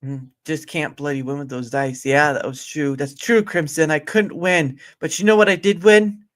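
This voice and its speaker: A man's voice: a little high, fairly even intonation, normal speed, a bit bright. A man chatting as the guest player on a gamebook stream, rambling through asides and laughing often. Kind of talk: casual chat on a gamebook stream.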